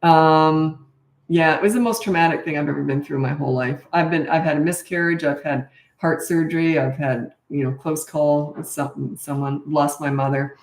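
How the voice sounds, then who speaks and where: Fielding viewer questions on a relaxed livestream, this middle-aged parenting coach from Canada keeps things blunt and matter-of-fact. She speaks at a moderate pace in a low, steady tone, recorded in an echoey space.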